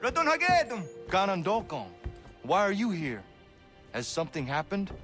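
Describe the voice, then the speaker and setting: Brief: resolute young hero, clipped and earnest, game cutscene. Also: male voice, high voice, wildly swooping pitch, moderate pace. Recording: distant voice over game music.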